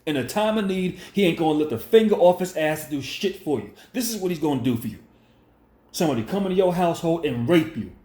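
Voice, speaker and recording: A man's voice: a little high, animated, fast talker, warm tone. A man delivering a confrontational, preachy commentary monologue, repeating his points and lecturing the listener. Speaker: commentary vlogger. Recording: echoey room.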